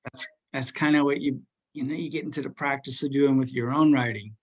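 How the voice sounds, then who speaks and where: A male teacher talks casually in class, rambling from point to point with plenty of ums and uhs. He keeps things light and joking, at a medium pitch for a man. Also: fairly even intonation, a little fast, muffled recording. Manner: rambling, joking, full of fillers.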